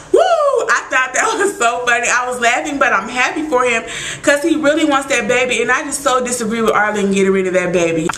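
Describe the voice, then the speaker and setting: A woman recapping a TV episode in casual chat, animated and exclaiming as she acts out her own reactions. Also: a little high, echoey room, background noise.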